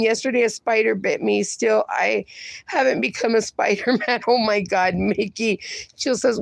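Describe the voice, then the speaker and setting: A livestream host reading her chat aloud in an unhurried, relaxed way, laughing often between comments. Her voice is gravelly and a little high for a woman. The sound is dry and close, with no room echo. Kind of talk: casual chat.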